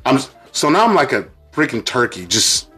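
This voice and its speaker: A young man co-hosting a podcast, telling a story in casual chat, animated and laughing through it as he acts out quotes. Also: medium pitch, normal speed, breathy edge, faint music behind. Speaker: podcast co-host.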